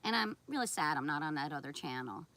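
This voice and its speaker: Speaking low, fast and animated, this woman has a bright, forceful tone. She's a content creator on a live stream, snapping back at chat with scolding sarcasm and open confrontation.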